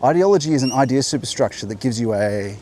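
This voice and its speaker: Man, mid-pitched voice, wandering walk-and-talk vlogger who keeps interrupting himself, clip-on mic, faint outdoor ambience. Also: expressive, quick pace, dark tone, a little hiss or hum. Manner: rambling, musing, self-interrupting. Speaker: host. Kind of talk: walking vlog monologue. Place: outdoor coastal walk by a beach.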